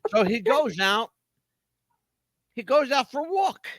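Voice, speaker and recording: Dramatic slow-talking radio storyteller man. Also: extremely high pitch, big pitch swings, fairly bright tone, no room sound, studio quality. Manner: dramatic storyteller, rhetorical questions. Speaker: radio host.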